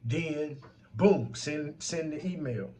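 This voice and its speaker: A man's voice: fairly high pitch, slow pace, mellow, slight background noise. A man telling a story about a complaint in a casual, heated and profane rant.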